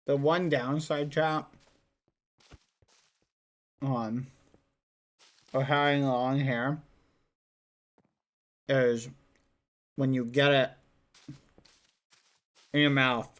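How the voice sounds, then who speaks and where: Slow, chatty streamer talking to chat. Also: medium pitch, fairly even intonation. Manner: chatty, talks to chat and coos at a dog. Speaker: live streamer. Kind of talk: casual live-stream chat. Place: indoors at a desk.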